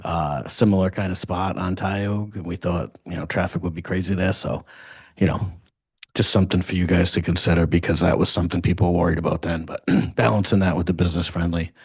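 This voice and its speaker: A man chairing a town council meeting, taking public comment in an informal, brisk way. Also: low voice, fairly even intonation, darkish tone, slightly rough, no room sound.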